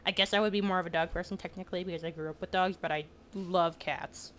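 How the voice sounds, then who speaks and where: A woman's voice: on the low side, fairly even intonation, quick pace, slight background noise. A woman commenting on a video game as she plays, chatty with exaggerated reactions. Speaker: gameplay streamer. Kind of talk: let's play commentary.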